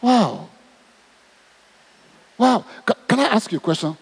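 A man's voice: sits high, a little slow, gravelly, slightly rough. A man with a Nigerian accent preaching a sermon, asking his congregation question after question. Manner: animated, asks the crowd questions. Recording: long hall reverb.

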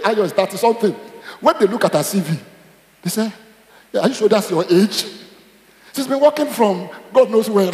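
A middle-aged Nigerian pastor preaching with a high, lively voice that leaps between excited cries and low asides. The recording is roomy, with a long reverb that carries through the church hall. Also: male voice. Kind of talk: sermon.

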